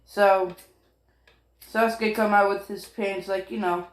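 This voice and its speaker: In a roomy, echoey recording, a man with a high-pitched, fairly flat voice rambles his way through a fan-made story. He takes his time, swearing freely and filling the gaps with ums and hurried apologies.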